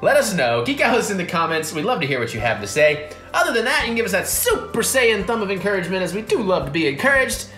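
A man's voice: sits high, sing-song, quick pace, hardly any pauses, fairly bright tone, faint music behind. A man hosting a casual toy unboxing with his partner, joking and poking fun at himself. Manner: goofy, joking, self-mocking. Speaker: host.

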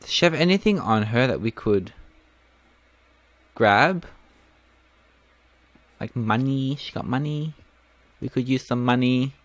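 A man's voice: medium pitch, animated, slow, long pauses, no room sound. A man giving casual let's-play commentary, thinking aloud and swearing now and then. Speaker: gaming video host.

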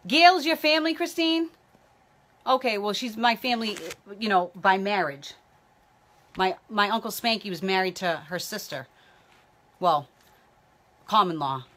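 A woman's voice: mid-range voice, lively intonation, unhurried, pauses often, a bit bright. A woman psychic medium giving live-streamed readings, chatting loosely and calling out viewers by name. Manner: talks while a baby tugs at her hair.

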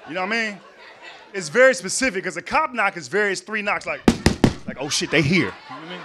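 A man doing a stand-up comedy set in a club, telling a story in an animated, slangy way and acting out voices. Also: high-pitched, quick pace, very noisy. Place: comedy club stage before a live audience.

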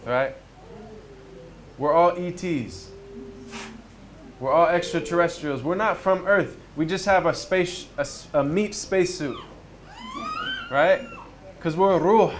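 A man's voice: high voice, slow pace, long pauses, a little hiss or hum. Man giving a reflective spiritual talk. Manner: conversational storytelling with rhetorical questions. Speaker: speaker at a retreat. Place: outdoors near a river.

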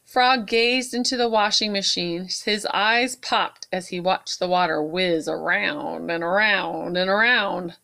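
A woman at a library storytime, reading a picture book aloud to children with expressive asides. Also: fairly low pitch, measured pace, gravelly, few pauses. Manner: warm, expressive read-aloud with asides to kids.

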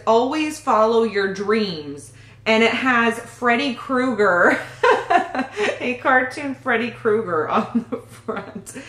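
A woman's voice: mid-range voice, a bit bright. Giggly gushing woman, echoey room. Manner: gushing, giggly, often laughing. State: pregnant. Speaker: channel host opening fan gifts. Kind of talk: casual vlog chat.

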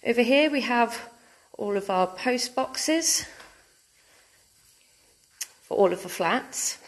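Streaming from a handheld phone, this British student halls manager chats her way from the street outside a building into its reception, friendly and full of "so" and "um." Her slightly high voice is animated but slow-paced. The recording is low quality, with no room sound at all.

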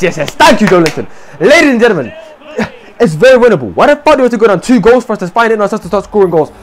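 A young man giving loud, swearing live commentary over a football video game, swinging from shouts to low mutters. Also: big pitch swings, very fast, background noise. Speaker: gaming streamer.

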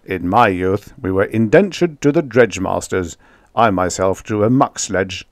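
A man voicing a huge, stern alien elder who speaks in a gruff, stolid rumble. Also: lively intonation, measured pace, no echo, studio quality.

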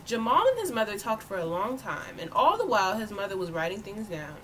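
A woman volunteer reading a children's picture book aloud with expressive storytelling. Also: medium pitch, brisk, noisy background. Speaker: volunteer reader.

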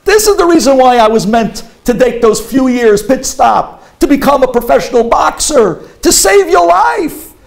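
A man voicing a proud former boxer who exclaims insistently at a raised pitch. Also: normal speed, few pauses, mellow, natural voice. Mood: triumphant.

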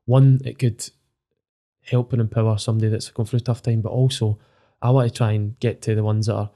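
A man's voice: on the low side, level tone, fairly quick, warm tone. A man in his thirties with a Scottish accent, speaking openly and emotionally in a podcast interview, swearing often. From Scotland. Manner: open and emotional, with frequent swearing. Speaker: footballer guest.

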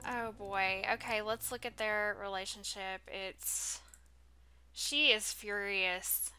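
Slow-talking woman, bright, reacting to gameplay. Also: mid-range voice, soft background music. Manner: reacts with dismay, talks to characters. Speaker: let's play host. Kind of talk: casual gameplay commentary.

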